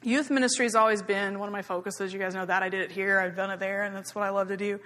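A woman speaks informally to a church about her missionary work, chatty and candid and teary at times. Her voice sits at an ordinary pitch, and the long reverb of a church hall trails each phrase. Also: steady tone, fast. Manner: chatty and candid, laughing easily, softening when emotional. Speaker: missionary giving a church report.

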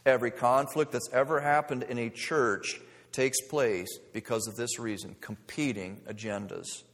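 A man's voice: medium pitch, normal speed. Male pastor delivering a sermon in a church sanctuary with a long hall echo, asks rhetorical questions, grows emphatic.

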